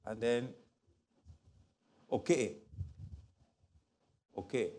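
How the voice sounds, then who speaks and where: A middle-aged man preaches a sermon, his pitch rising and falling widely. His voice sits a little high for a man, and he slips into playful voices for the people in his stories. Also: moderate pace. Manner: animated, mimics voices in stories, laughs often. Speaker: pastor.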